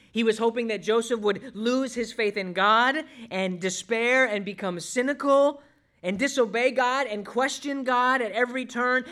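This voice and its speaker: A man preaching a sermon, swinging between loud emphasis and hushed asides as he acts out quoted voices. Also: sits high. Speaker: pastor.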